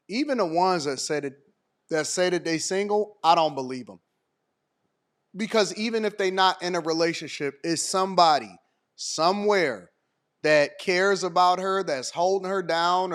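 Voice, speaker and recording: A man hosting a channel, reacting to a clip with blunt, emphatic, slangy commentary. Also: on the high side. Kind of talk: opinionated commentary.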